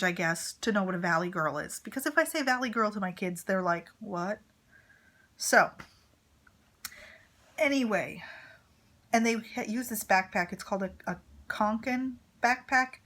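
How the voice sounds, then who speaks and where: A woman's voice: medium pitch, bright, forceful tone. Chatty woman vlogger, rambling storytime. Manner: chatty and rambling, with filler words and asides. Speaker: vlogger, mother of a teenage son. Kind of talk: casual storytime chat to camera.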